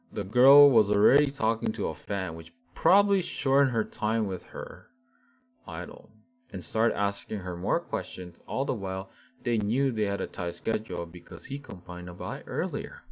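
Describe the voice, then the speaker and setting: Deep-voiced man ranting casually. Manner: animated, rambling, many restarts and fillers. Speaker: vlogger.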